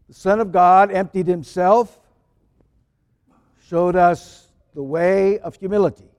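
A priest preaches in a slightly high voice, taking his time and leaving small pauses and fillers. The sermon is unhurried and deliberate. His words ring out in a large church with a long echo. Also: steady tone, darkish tone. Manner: slow and deliberate, with some fillers.

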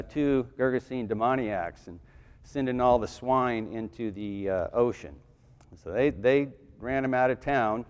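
A deacon giving a conversational homily in church, with restarts and asides. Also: male voice, mid-range voice, darkish tone. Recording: reverberant church hall.

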